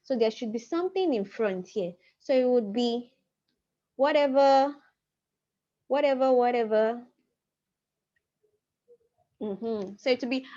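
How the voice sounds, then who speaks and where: A woman teaching a language class over a video call, explaining patiently and slowing down to repeat key phrases. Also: fairly high pitch, warm tone. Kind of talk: online class lecture. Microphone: computer mic on a video call. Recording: muffled video-call audio.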